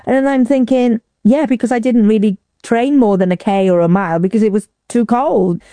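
Animated woman telling a story, mellow and dry. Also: brisk, no room sound. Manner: lively, acts out quotes with big pitch jumps. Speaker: interview guest. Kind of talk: casual storytelling.

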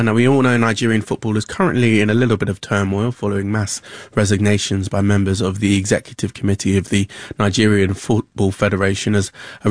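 A man sports presenter with a lowish voice and a dry, close sound. He runs a radio sports segment in a brisk, conversational way. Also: no echo.

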